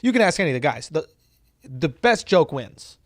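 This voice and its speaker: Animated comedian guest, man. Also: a little high, normal speed, no echo, clean studio sound. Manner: animated, profane storytelling. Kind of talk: casual chat.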